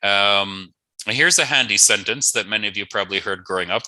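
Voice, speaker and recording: A man's voice: on the low side, fairly quick, bright, forceful tone, dry recording, poor audio. A man teaching an online language lesson, patiently saying each word twice and adding playful asides.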